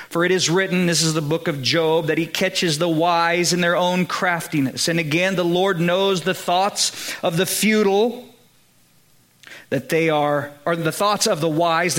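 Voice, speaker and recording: A man's voice: fairly high pitch, fairly bright tone. A man with a Southern US accent preaching a sermon in a conversational way, often checking in with his listeners and rising to emphatic peaks. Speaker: pastor.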